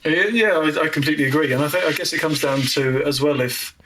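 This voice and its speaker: Brief: British man, a little higher voice, self-deprecating and sweary, faint noise behind him. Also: fast. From Britain. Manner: self-mocking, sweary storyteller. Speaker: podcast guest. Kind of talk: casual chat.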